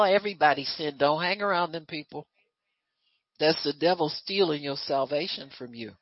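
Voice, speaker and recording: A woman preaching a sermon in a lively, conversational way, full of rhetorical questions. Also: fairly low pitch, breathy edge, dry recording, dull audio.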